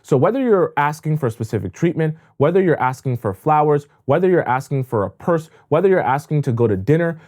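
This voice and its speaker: A man's voice: on the high side, warm tone. A man giving dating advice in an emphatic coaching monologue, repeating words for stress.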